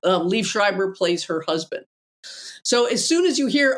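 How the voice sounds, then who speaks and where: Wry, animated woman podcast co-host. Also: mid-range voice, measured pace. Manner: animated, wry, laughs while talking. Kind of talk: casual film chat.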